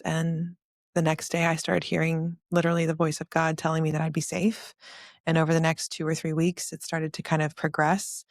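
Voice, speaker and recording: A woman with a gravelly, creaky voice talks through her own story as a podcast guest. She speaks earnestly, one thought tumbling into the next. The sound is close and dry, with no room around it. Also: deep voice, no room sound. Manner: earnest, tumbling, emotional retelling. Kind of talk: personal storytelling in a casual interview.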